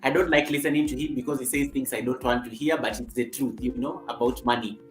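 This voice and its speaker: A man's voice: medium pitch, fairly even intonation, fast, faint music behind. Man hosting a livestream, echoey room. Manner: reads out and greets viewers from the chat. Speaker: livestream host. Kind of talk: casual livestream chat.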